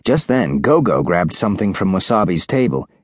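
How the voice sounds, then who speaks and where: A male audiobook narrator reading a children's story with lively, animated delivery. His voice sits on the low side and moves a lot, recorded close and dry. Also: normal speed, husky, no echo. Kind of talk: scripted narration.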